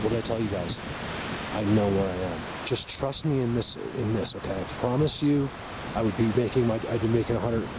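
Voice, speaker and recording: Excitable man rambling outdoors. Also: on the low side. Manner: excited, rambling, stumbles and repeats words. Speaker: outdoor vlogger. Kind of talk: walking vlog commentary. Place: outdoors in wild country. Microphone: handheld camera mic. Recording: outdoor noise behind.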